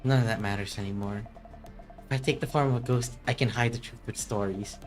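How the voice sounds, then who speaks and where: A streamer voicing a vengeful woman who poses as a ghost, speaking low, brooding and menacing in a game. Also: steady tone, fairly quick, darkish tone, soft background music, close to an everyday voice. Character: vengeful woman posing as a ghost, cold and grim.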